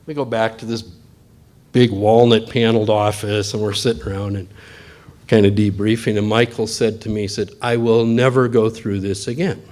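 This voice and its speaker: A man's voice: mid-range voice, darkish tone. A middle-aged man, a bank executive, giving a talk to an audience in a folksy storytelling way, acting out quoted dialogue.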